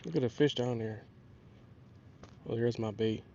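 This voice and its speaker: Hoarse man fishing live. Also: mid-range voice, measured pace, a little hiss or hum. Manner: excitable, talks to viewers and fish. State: hoarse from a cold. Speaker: fishing livestream host. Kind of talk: casual live-stream chat. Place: outdoors on a lake. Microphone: camera mic on the body. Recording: muffled lo-fi outdoor stream.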